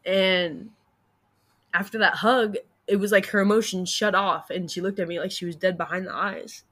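Young woman guest on a podcast, bright clear voice, blunt and casual, cusses a lot. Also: mid-range voice, fairly even intonation, moderate pace. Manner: frank, casual, swears freely. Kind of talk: candid personal storytelling.

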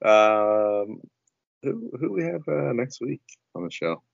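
A man's voice: mid-range voice, lively intonation, slow pace, creaky, slightly rough, no room sound, highs cut off. A man hosting a casual racing podcast, joking and laughing through laid-back banter. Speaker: podcast host.

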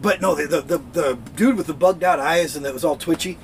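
A man's voice: fairly high pitch, fairly quick, slight background noise, rough recording. A man co-hosting a casual podcast chat, a profane, rambling storyteller who acts out what people said. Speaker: podcast co-host.

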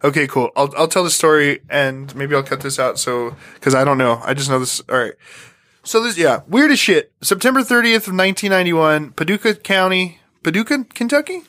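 A man's voice: a little high, expressive, fairly quick, sharp tone. A man hosting a podcast, talking casually, laughing often and swearing freely. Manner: laid-back, profane, laughs a lot. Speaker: podcast host.

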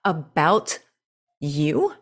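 A woman coach talking in a casual interview, telling stories with lively swings in her voice. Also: extremely slow. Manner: animated storyteller, acts out quotes with big pitch jumps. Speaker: presentation coach, guest.

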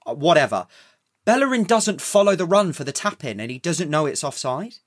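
Guy, higher voice, bouncy and sarcastic, football podcast, bit echoey. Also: brisk. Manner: lively, mocking, laughing asides. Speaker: podcast co-host. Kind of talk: casual football chat. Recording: slight echo.

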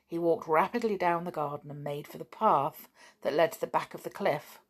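A woman reading a children's storybook aloud in calm, even narration. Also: deep voice, moderate pace, slightly rough. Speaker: audiobook reader.

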